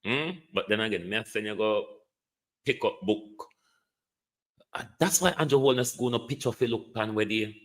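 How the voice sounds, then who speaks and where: A man's voice: lowish voice, moderate pace, pauses often, a bit bright. A man with a Jamaican accent giving a mocking, scolding political rant on a livestream, sliding between standard English and patois. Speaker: political commentator.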